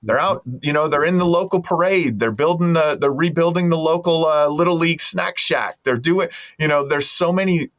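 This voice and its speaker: A man's voice: on the high side, moderate pace, few pauses. A man hosting a podcast, talking in a rambling, enthusiastic way full of restarts. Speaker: podcast host. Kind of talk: casual interview chat.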